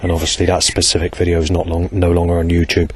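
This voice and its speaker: Low-voiced hesitant man. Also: completely flat delivery, fast, husky. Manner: hesitant, digressive, many fillers and restarts. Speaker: vlogger. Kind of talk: rambling monologue.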